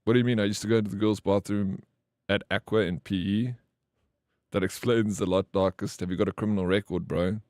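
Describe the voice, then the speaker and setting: His voice on the low side and his speech a little fast, a man chats on a live game stream, telling stories with slang and swearing. He performs the quoted people animatedly, and the recording is dry with clean studio sound.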